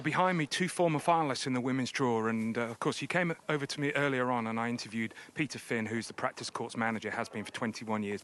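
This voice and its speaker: A man reporting live from the practice courts, out of breath from rushing around. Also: mid-range voice, a bit bright, slight background noise. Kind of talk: live outdoor sports report.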